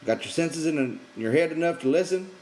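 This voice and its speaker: A man voicing a calm, respected ranch hand who speaks plainly and steadily. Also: fairly high pitch, normal speed, a little hiss or hum, voice pushed up, natural voice, rough recording. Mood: steady.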